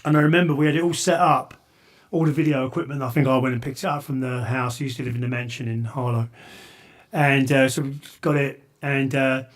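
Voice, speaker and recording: A man hosting a podcast, telling a long story in a rambling, animated way with frequent restarts and swearing. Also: mid-range voice, a little fast. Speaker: podcast host. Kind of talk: casual storytelling chat.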